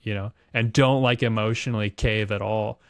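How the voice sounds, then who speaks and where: Low-voiced man musing on a podcast. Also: steady tone, normal speed, no room sound, studio quality. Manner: reflective, talks in long musing runs. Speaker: podcast host. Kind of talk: casual chat.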